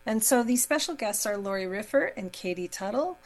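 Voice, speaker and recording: A woman's voice: medium pitch, lively intonation, fairly quick, soft background music, low-quality recording. A woman moderating a local radio interview show, friendly and chatty, now and then tripping over her words.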